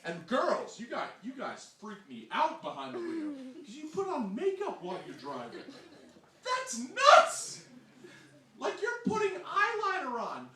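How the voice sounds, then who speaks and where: A man from New Jersey with a New Jersey accent doing a stand-up comedy set, animated and exclamatory, often mimicking other voices. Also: very high voice, normal speed, few pauses. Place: small hall with audience. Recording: distant echoey room mic, loud noise.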